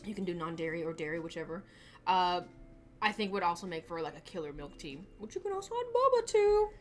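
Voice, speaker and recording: With a lowish voice that moves fast and swings widely in pitch, a woman hosts a casual livestream from her small home studio as soft music plays. Her chatting rambles, with many restarts and laughs, captured by a desk camera mic.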